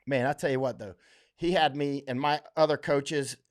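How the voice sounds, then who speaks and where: A man's voice: medium pitch, fairly even intonation, normal speed. Rambling middle-aged man from Florida. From Florida, USA. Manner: rambling, many fillers and restarts; blunt, emphatic, laughs often. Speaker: livestream host reading viewer comments. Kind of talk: casual rambling livestream chat.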